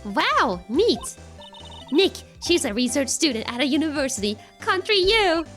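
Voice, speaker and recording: A woman's voice: high-pitched, sing-song, measured pace, a bit bright, soft background music, heavily acted. A woman reading the lines of an earnest young male defense lawyer in a plain, questioning way.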